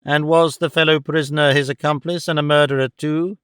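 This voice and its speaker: A male audiobook reader voicing a stern, cold older mother who speaks in a severe, measured and reproachful way. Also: a little high, level tone, fairly bright tone, smooth, no room sound, clean studio sound, natural voice. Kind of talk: audiobook character voice.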